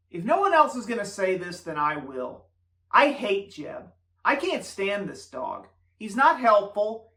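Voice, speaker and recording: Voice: mid-range voice, bright, forceful tone. A show reviewer giving casual commentary, sarcastic and prone to ranting.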